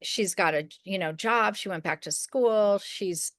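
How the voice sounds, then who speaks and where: A woman's voice: medium pitch, unhurried, a bit bright, no room sound, clean studio sound. A middle-aged woman co-hosting a podcast, telling a personal story in a rambling, casual way with restarts and quoted voices. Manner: rambling, with many restarts and fillers; acts out the people she quotes. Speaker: podcast co-host.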